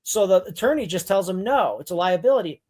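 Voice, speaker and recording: A man telling a story as a podcast guest, blunt and animated, acting out what people said. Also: high-pitched, fast talker. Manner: blunt and animated, acts out quoted voices. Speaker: podcast guest, mink hunter. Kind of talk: casual storytelling.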